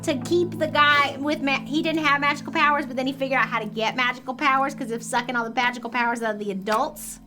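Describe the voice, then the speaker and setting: A woman player recapping events in an animated, joking way during a tabletop game chat. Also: high-pitched, fast, hardly any pauses, over music.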